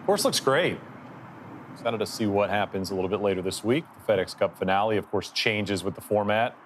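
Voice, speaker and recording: A man calling golf shots play-by-play as lead commentator, steady and upbeat. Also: fairly low pitch, a little fast, a little hiss or hum.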